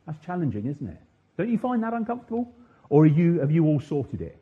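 Preacher, husky and fairly high-voiced, leading a sermon and asking the congregation questions. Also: male voice, very animated, phone-quality sound. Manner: asks the congregation questions, pauses with ums; slows and stresses quoted verses. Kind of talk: interactive Sunday sermon. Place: church.

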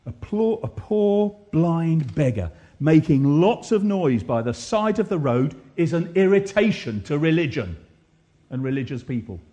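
Lively high-voiced male preacher. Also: a little slow. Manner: animated, asks the congregation questions, rhetorical repetition. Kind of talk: sermon. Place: church.

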